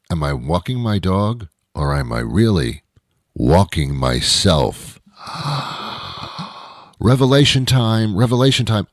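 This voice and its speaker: Host, male, very low voice, dry close sound, wry rambling monologue. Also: dry recording. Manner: wry, rambling, with dramatic pauses. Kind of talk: comedic monologue.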